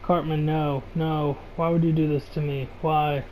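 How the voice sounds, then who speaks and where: Man voicing a terrified mother, anguished pleading, slightly high voice. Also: level tone, unhurried, a little mellow, a little hiss or hum, natural voice, low-quality recording. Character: terrified mother tied to a chair.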